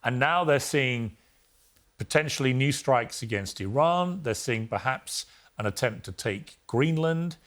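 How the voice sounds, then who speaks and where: Casting note: middle-aged male talk show host, brisk, cuts in to steer the debate, mid-pitched. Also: expressive, fairly bright tone. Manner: brisk, interrupting. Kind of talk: TV debate hosting.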